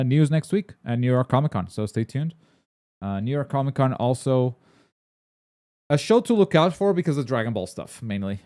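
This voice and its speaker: On his gaming and anime news stream, a man with a smooth, mid-range voice rambles excitedly in casual chat. He uses lots of filler words and swears bluntly, and there's no room sound.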